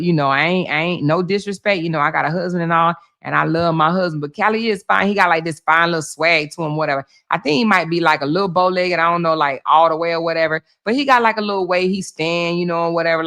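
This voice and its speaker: A woman with speech doing casual gossip commentary on a livestream, animated, laughing often, swearing freely and talking straight to her chat. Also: fairly low pitch, fast talker, few pauses.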